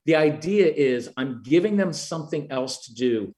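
A middle-aged man, interviewed as a parenting expert, gives earnest explanations and now and then dramatizes the lines he uses with parents and children. He talks at a moderate pace with few pauses, in an animated, darkish voice on the high side.

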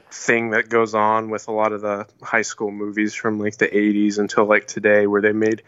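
Bright-voiced man casually recapping a movie. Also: mid-range voice, clear, resonant tone, no room sound, highs cut off. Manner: laid-back, rambling, with many fillers and restarts. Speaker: podcast co-host.

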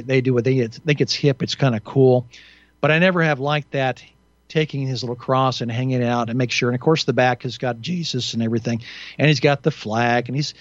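A man's voice: medium pitch, no echo, muffled recording. A man hosting a talk radio show alone, rambling through indignant, sarcastic commentary with frequent restarts and fillers.

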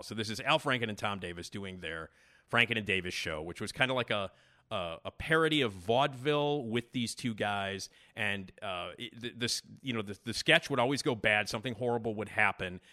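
A man's voice: on the low side, fairly quick, pushed and bright. A male podcast host giving rambling casual commentary with lots of fillers.

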